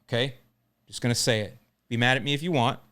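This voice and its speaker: A man's voice: mid-range voice, fast, fairly bright tone. A middle-aged man hosting a lawn care podcast, telling a story in a casual, joking way.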